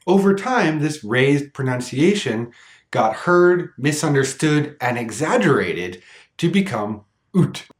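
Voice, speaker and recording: A man with a Canadian accent, teaching pronunciation in a scripted video lesson and drawing out his example words slowly and deliberately. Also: mid-range voice. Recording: echoey room.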